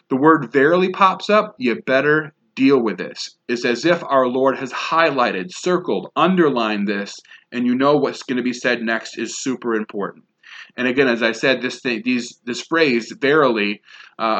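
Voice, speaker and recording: A pastor preaching a sermon, stressing key words by repeating them, with emphatic phrasing. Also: male voice, mid-range voice, a bit bright. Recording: dull lo-fi sound.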